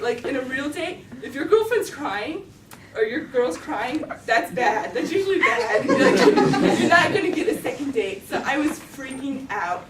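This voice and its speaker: A woman's voice: high-pitched, very animated, unhurried. A teenage girl telling a story on stage, giggling often and filling her talk with "like". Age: teens. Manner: giggly, lots of "like". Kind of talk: live storytelling. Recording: roomy, distant mic, faint ambience.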